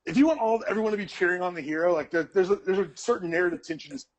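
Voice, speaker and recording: A man's voice: high-pitched, very fast, dull audio. A man co-hosting a casual podcast chat about a TV show, tossing in wry, joking asides. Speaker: podcast co-host.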